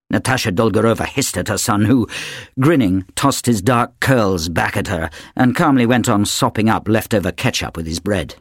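A man narrating an audiobook with an expressive, dramatic reading. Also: lowish voice, normal speed, husky, no room sound, studio quality.

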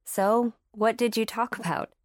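Playful young woman, teasing and bright, read by a woman narrator. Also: a little high, steady tone, measured pace, no room sound, clean studio sound, voice pushed up, lightly acted.

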